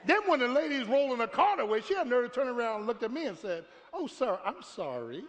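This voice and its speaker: High-voiced preacher in a reverberant church. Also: male voice, animated, quick pace, a little hiss or hum. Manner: storytelling preacher, shouting at climaxes, talks to the congregation. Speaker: pastor. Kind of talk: sermon. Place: church hall before a congregation. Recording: live church recording with long reverb.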